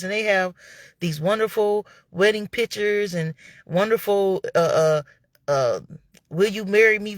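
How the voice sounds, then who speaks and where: Commentary host, gossipy storytelling, exclamatory asides, mid pitch, dry close sound. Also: fairly bright tone, no room sound.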